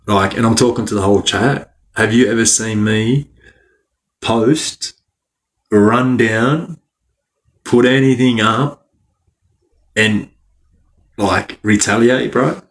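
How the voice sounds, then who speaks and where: Laughing Australian man, low voice, slangy. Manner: laughs often, heavy slang. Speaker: livestreamer. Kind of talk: casual live-stream chat.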